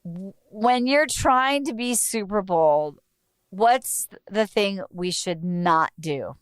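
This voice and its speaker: Gushing chatty woman host, smooth voice. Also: medium pitch, takes it slowly, no echo, studio quality. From northern United States. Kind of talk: casual interview chat.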